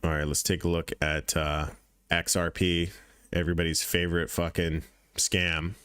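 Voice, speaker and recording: A man's voice: sits low, little pitch movement, moderate pace, fairly bright tone, clear, resonant tone, dry recording, studio quality. A man hosting a crypto trading channel, giving casual market commentary over charts in a blunt, profane way, repeating points for emphasis.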